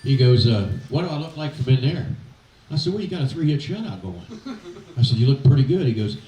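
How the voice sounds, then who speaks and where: An older man tells rambling, folksy baseball-life stories, pausing on fillers and acting out what others said. He sounds a bit distant from the mic, with hall reverb and a faint background hiss. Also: medium pitch. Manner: folksy anecdotes, quoting others in animated voices, halting fillers. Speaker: retired pitching coach telling stories. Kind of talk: after-dinner storytelling speech. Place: event hall.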